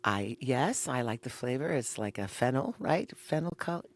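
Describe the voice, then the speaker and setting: A man's voice: medium pitch, expressive, moderate pace, slight background noise. A man co-hosting a small-town radio morning show, mostly chiming in with short agreeing remarks in casual chat. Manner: brief agreeing interjections.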